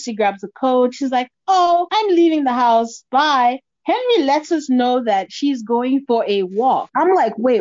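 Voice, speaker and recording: A woman's voice: high voice, darkish tone, no echo. A woman co-hosting a podcast, chatting casually and acting out quotes as she tells the story. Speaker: podcast co-host. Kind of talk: casual chat recapping a reality show. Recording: dull lo-fi, dry.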